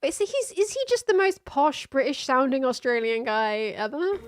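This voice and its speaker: A woman's voice: high-pitched, very animated, normal speed. A woman hosting a casual stream, chatting in a rambling way with laughs and fillers. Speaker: streamer and host. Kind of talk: casual chat. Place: home.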